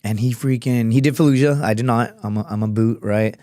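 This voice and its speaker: A man with a middling voice, neither high nor low, tells a long story in a relaxed, meandering way. He swears freely and keeps it loose. The sound is dry and close, as in a podcast studio. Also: fairly quick, dry recording. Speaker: podcast guest, veteran. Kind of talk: casual podcast conversation.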